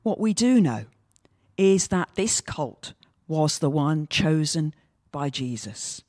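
A woman pastor giving a measured, reflective sermon that weaves in a story. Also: low voice, very animated, darkish tone, dry recording, clean studio sound.

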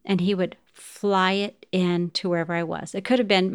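Middle-aged mom podcaster, smooth clear voice, heartfelt storytelling, talks right to her listeners. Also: on the low side, moderate pace, few pauses. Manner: heartfelt, speaks directly to listeners. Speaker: podcast host. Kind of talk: personal storytelling.

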